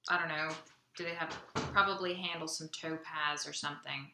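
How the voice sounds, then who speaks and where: A woman's voice: sits low, fairly even intonation, normal speed. A woman playing her character in a tabletop game, polite and a little guarded. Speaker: player. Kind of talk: in-character role-play. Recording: echoey room with loud hiss.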